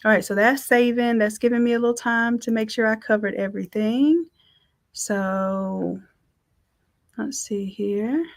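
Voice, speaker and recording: A woman's voice: a little high, steady tone, unhurried. A woman teaching a live design class, talking in an upbeat, chatty way and thinking aloud as she works. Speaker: design instructor. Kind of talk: live software tutorial.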